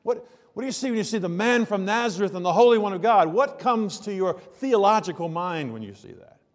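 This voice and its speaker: A man's voice: high-pitched, expressive, a little fast, long reverb tail. A man preaching a sermon in a conversational way, asking many rhetorical questions and building to emphatic bursts. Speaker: pastor.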